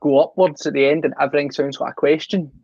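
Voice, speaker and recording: A man's voice: on the high side, fairly even intonation, fast, a little mellow, no echo, muffled recording. A man co-hosting a podcast, chipping in with blunt, sweary remarks. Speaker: podcast co-host.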